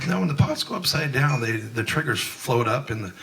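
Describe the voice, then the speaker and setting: Older man, folksy open-mic storyteller, bright voice a little off mic, rambling with fillers. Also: mid-range voice, animated, brisk, vocal fry, recorded from a distance, low-quality recording. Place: live event in a museum hall.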